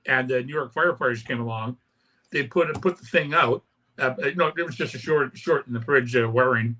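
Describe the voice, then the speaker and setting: Older man from Canada, bright and forceful voice, loose anecdotal guest. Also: mid-range voice, moderate pace. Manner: rambling anecdotes with many "right?" tags and acted-out quotes. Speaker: interview guest, punk musician. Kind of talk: casual storytelling interview.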